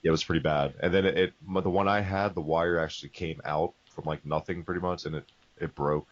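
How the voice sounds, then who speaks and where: A man's voice: sits low, steady tone, fast talker, dull audio. A man co-hosting a casual gaming podcast, laid-back, swearing freely and goofing around. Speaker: podcast co-host.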